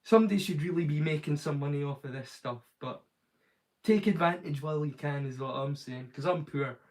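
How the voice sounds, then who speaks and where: A man hosting his own stream in a casual, wandering chat. His voice sits a little high, and he talks loosely, padding sentences with "like" and restarting often. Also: brisk, darkish tone, rough recording. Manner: rambling, loose, lots of "like" fillers and restarts. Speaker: streamer, host.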